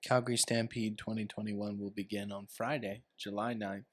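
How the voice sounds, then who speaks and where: A man's voice: on the low side, level tone, normal speed. A man, co-hosting a podcast in laid-back, easygoing casual chat. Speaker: podcast co-host.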